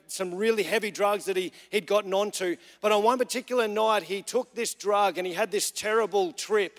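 High-voiced man preaching in a reverberant church. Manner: earnest storytelling with frequent fillers. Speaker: young adults pastor. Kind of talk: church sermon. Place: large church hall. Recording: long reverb of a church hall.

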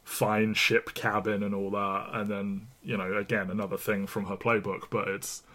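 Man, podcast co-host, casual film chat, lowish voice, laughs a lot. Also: level tone, moderate pace, pushed and bright. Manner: chatty, laughs often, acts out characters' lines.

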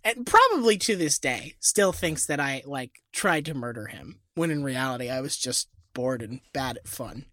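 A woman's voice: a bass voice, expressive, normal speed, few pauses, a bit bright. A woman co-hosting a comedy podcast, telling rambling, self-deprecating stories. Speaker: podcast co-host.

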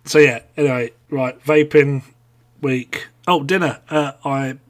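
A man's voice: medium pitch, fairly even intonation, a little slow. A man with an East Anglian accent co-hosting a casual podcast, rambling and swearing, with many ums and restarts. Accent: East Anglian English. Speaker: podcast co-host.

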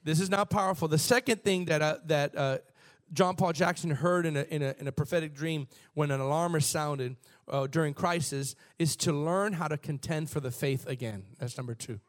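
A man's voice: fairly high pitch, normal speed. A man preaching a sermon, reading scripture aloud and calling on the congregation to respond, with bursts of emphasis. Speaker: pastor.

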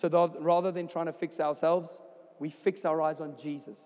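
A male church pastor preaches casually and conversationally in a church hall, leaning on lots of fillers. He speaks at a moderate pace with a fairly high pitch and flat delivery, captured in dull audio with lingering reverb.

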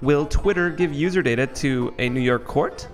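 A man hosting a casual podcast, rambling and halting with fillers. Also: fairly high pitch, long reverb tail, soft background music. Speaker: podcast host.

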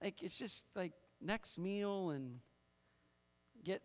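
A man's voice: sits high, slow. A man preaching a sermon as pastor, talking conversationally, repeating and restarting phrases and leading the congregation in call-and-response. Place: church sanctuary. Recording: long hall reverb.

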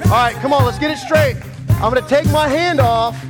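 A man pastor running a playful contest in front of his church, joking and shouting with excitement, then winding down out of breath with a scratchy throat. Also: extremely high pitch, brisk, over music. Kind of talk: lively church service hosting. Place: large church hall with congregation.

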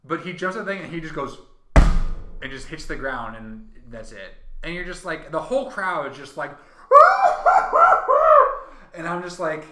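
Rambling, swearing young man, bright voice. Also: on the high side, lively intonation, normal speed, slight background noise. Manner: rambling, profane, filler-heavy. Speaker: podcast co-host. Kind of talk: casual chat. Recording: roomy echo.

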